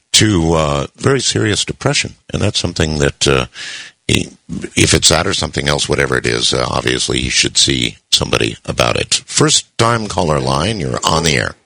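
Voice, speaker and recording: A middle-aged man hosting a call-in radio show, talking in a slow, measured and deliberate way with long pauses. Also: extremely low pitch, creaky, bright, forceful tone, dry recording. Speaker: radio talk show host.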